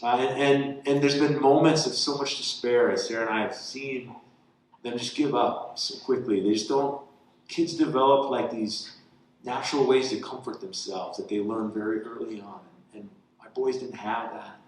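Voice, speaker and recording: Man in his thirties, campus pastor, chatty sermon delivery, mid-pitched voice, recorded in a hall with strong echo. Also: normal speed, slight background noise. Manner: conversational, voice rising with excitement in the story. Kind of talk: sermon with personal storytelling. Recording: very echoey hall.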